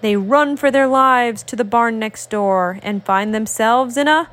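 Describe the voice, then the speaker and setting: A woman reading a picture book aloud to a child, slow, sing-song and expressive. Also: a little high.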